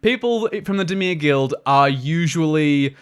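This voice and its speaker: A man's voice: a little high, animated, unhurried, clean tone. A young man co-hosting a podcast, chatting casually and enthusiastically, with plenty of fillers. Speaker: podcast co-host. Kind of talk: casual chat.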